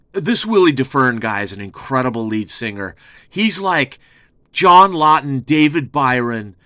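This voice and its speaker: Slow-talking, gushing male album reviewer. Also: a little high, fairly bright tone, dry recording, studio quality. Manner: gushing, profane, repeats himself. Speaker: music reviewer, show host.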